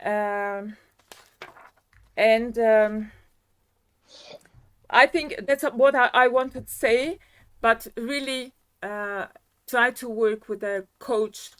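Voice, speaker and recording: A French woman judging an audition, talking slowly and pausing often to find her words. Her voice sits a little high for a woman, and she stays firm when she is interrupted. She is speaking over a video call. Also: a bit bright, clear, resonant tone. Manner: hesitant, many fillers, firm. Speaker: audition judge. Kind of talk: critique of a singer.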